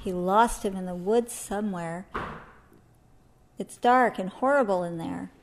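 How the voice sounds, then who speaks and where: A woman reading a rhyming children's story aloud in a gentle, sing-song way. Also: medium pitch, a little slow, slight background noise. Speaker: storybook reader.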